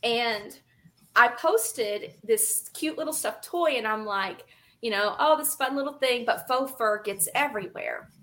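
A woman guest telling animated, laughing stories in casual conversation, often acting out what other people said. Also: on the high side, unhurried.

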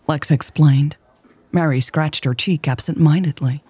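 Low, mellow woman narrating a story. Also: unhurried, gravelly, slightly rough, dry recording. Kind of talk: scripted audiobook narration.

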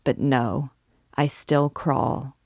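A woman's voice: rumbling low, fairly even intonation, extremely slow, vocal fry, darkish tone, dry recording, studio quality, full character voice. A woman reading as a fiery, grandiose archdeacon. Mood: brooding. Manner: grandiose, declaiming. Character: fiery, proud male archdeacon alchemist, middle-aged.

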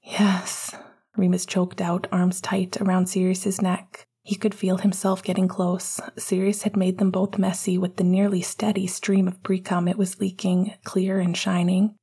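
A woman narrates a romance story in a hushed, intimate whisper. Her voice is low, gravelly and very breathy. The reading stays flat and even throughout. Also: moderate pace, few pauses. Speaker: audiobook narrator.

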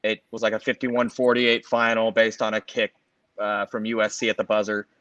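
A man's voice: on the low side, moderate pace, dry recording, muffled recording. Rambling man recalling big games. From Los Angeles area. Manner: rambling, filler-heavy, animated storytelling. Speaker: podcast co-host. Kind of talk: casual sports chat.

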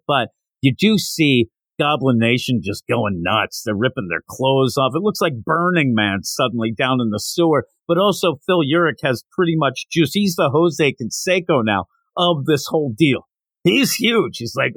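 A man hosting a podcast, casually recapping a comic issue and jumping into quick, animated voices for the characters' lines. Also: medium pitch, no echo. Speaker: podcast host.

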